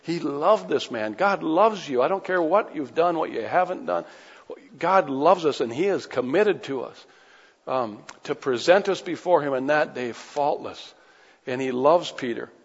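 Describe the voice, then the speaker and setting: A man's voice: on the high side, expressive, measured pace, slightly rough. A man preaching a sermon, reading scripture aloud and breaking off into casual conversational asides. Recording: dull lo-fi recording with long hall reverb.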